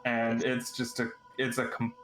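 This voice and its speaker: A man's voice: mid-range voice, soft background music. Easygoing man narrating as game master. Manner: relaxed storyteller, breaks into quick character voices and laughs.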